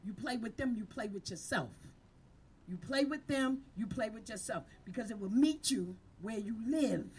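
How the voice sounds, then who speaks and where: A woman's voice: a little high, animated, normal speed, darkish tone, slight background noise. Fired-up woman preaching to her team. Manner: fiery, preaching, call-and-response. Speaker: community violence-prevention leader. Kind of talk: impassioned speech to a team. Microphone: handheld microphone.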